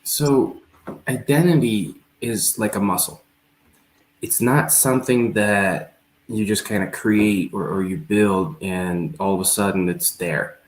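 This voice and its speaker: A man's voice: on the low side, takes it slowly. A man hosting a talk show, speaking earnestly and reflectively as he tells a personal story in a casual discussion. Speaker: show host. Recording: roomy echo.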